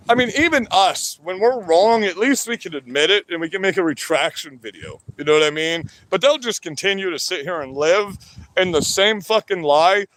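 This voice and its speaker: Guy with a high voice going off angrily on stream, cussing, repeating himself. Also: a bit bright, a little hiss or hum. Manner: angry, crude, repetitive. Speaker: livestream host. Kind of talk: profane ranting commentary.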